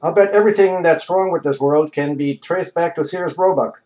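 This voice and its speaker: Agitated middle-aged rambler, ranting, voice pitched up, read by a male narrator. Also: normal speed, darkish tone, lightly acted. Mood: rambling.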